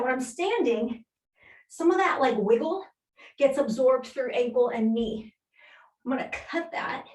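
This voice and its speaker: A woman leading a live workout class as fitness instructor, cueing moves and counting reps with steady encouragement while she exercises along, a little out of breath. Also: sits high. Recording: echoey room, voice from a distance.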